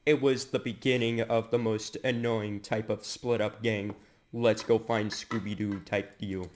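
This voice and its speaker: A man's voice: lowish voice, flat delivery, a little slow, a little mellow. A man giving joking commentary asides in a mock-serious, self-mocking way.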